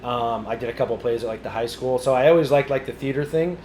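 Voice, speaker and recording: A man's voice: mid-range voice, fast talker, darkish tone, roomy sound, a little hiss or hum. A young man from New England, a podcast guest chatting casually, easygoing and self-deprecating, laughing often. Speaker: podcast guest, content creator. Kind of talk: casual interview chat.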